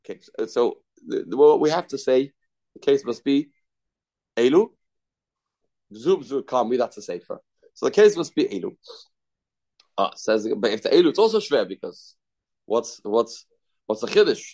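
A man teaches a Talmud class at a middle pitch. He circles back over each phrase, repeating words as he reasons his way through the passage aloud. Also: expressive, normal speed, pauses often, a little mellow. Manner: repetitive, thinking aloud, mixing Aramaic terms into English. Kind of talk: Talmud study lesson.

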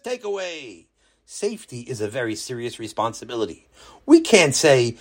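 A man narrating a children's story in an expressive storyteller manner. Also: medium pitch, moderate pace.

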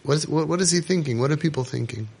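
Gravelly, impassioned man preaching. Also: fairly high pitch, fast. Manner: animated, preaching, rhetorical questions, Yiddish and Hebrew terms. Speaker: parenting organization speaker. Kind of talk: impassioned monologue.

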